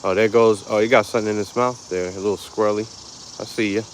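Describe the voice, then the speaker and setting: A man's voice: lowish voice, steady tone, quick pace, a little hiss or hum. A man hosting a casual walk-and-talk live stream on an outdoor park path, chatting laid-back with viewers through a handheld phone.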